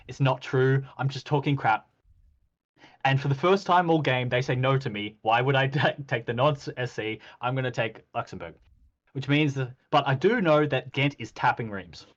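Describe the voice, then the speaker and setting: A man talks casually and keeps slipping into acted-out quotes, with frequent ums and restarts. His voice sits at an ordinary middle pitch. The sound is a little dull and lo-fi. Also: moderate pace. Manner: animated storytelling, acts out quoted exchanges, frequent ums. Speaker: podcast host reviewing a game. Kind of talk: casual game recap chat.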